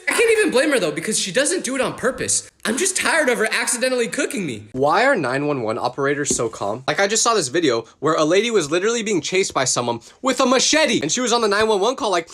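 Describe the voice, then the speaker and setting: A young man telling funny personal stories in a comedic, exaggerated way, acting out the people he quotes. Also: very high-pitched. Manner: animated, exaggerated outbursts and voiced quotes. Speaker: storytelling creator. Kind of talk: comedic storytelling.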